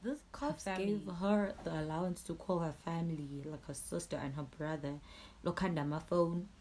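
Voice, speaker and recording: A young woman with a Swazi accent, telling a storytime vlog in an angry, animated way, swearing and switching languages. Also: on the low side, moderate pace, slight background noise. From Eswatini. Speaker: YouTuber.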